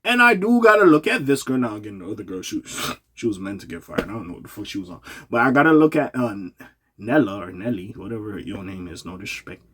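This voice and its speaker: A man's voice: on the low side, very animated, quick pace, a bit bright, slight background noise. A man giving casual opinion commentary in a loose, profane, slangy way with many asides.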